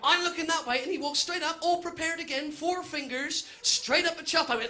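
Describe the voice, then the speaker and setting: A man from Cornwall performs stand-up comedy live, spinning a cheeky story full of silly mock-Spanish phrases. His voice is bright and forward. A faint audience murmur and some noise sit under the room. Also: extremely high pitch, a little fast, hardly any pauses, a faint crowd. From Cornwall, England.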